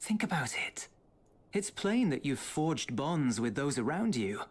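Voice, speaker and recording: An earnest young man, lively-toned. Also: a little high, measured pace. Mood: reassuring. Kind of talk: video game cutscene.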